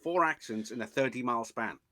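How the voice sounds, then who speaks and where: A man's voice: medium pitch, brisk, sharp tone, dry recording. A man from England with a Liverpool accent, a podcast guest chatting casually and explaining with examples. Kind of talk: casual chat.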